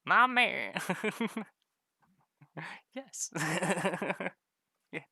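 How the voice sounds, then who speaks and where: Gravelly, bright-voiced rambling streamer. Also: medium pitch, sing-song, extremely slow, dry recording, clean studio sound. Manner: rambling, self-mocking, swears freely; laughs often. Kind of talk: casual livestream chat while drawing maps.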